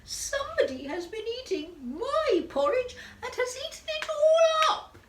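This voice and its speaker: Squeaky little baby bear, super high and shrill, echoey room. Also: female voice, sing-song, unhurried, heavy background noise, exaggerated voice. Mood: whiny.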